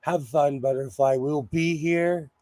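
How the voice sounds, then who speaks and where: Chatty man with a slightly hoarse voice. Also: fairly high pitch, steady tone, a little slow, warm tone, no room sound. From Pennsylvania. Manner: chatty, laughs often, greets viewers by name. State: slightly hoarse, feeling unwell. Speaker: livestream sewing host. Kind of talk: casual live-chat while sewing.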